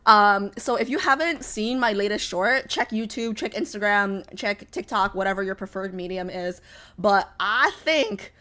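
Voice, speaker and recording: A young woman streaming and chatting casually, rambling with lots of fillers, a little sick so her voice sits lower than usual. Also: normal speed, sharp tone. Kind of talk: casual livestream chat.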